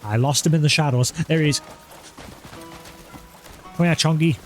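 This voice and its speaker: A man's voice: a little high, moderate pace, soft background music. A man streaming a video game live, chatting casually and coaxing an in-game cat with a playful voice. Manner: chatty, talks to in-game cat, baby-talk and meowing. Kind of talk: live gameplay commentary.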